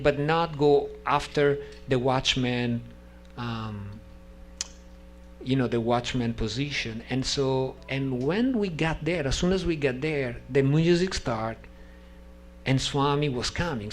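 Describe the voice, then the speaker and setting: Animated man telling a personal story. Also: medium pitch, measured pace, slight background noise. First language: not English. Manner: animated, acts out voices of people in his story. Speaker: speaker sharing a personal testimony.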